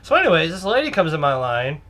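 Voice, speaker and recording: A young man telling a comedic story about a cashier job in an excitable, exaggerated, rambling way. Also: on the high side, fast. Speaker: comedic vlogger playing a cashier.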